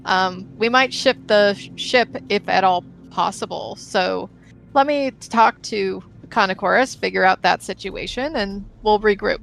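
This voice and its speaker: A woman's voice: mid-range voice, unhurried, vocal fry, a bit bright, poor audio. A woman playing a tabletop game, chatting casually and a little hesitantly. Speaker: player.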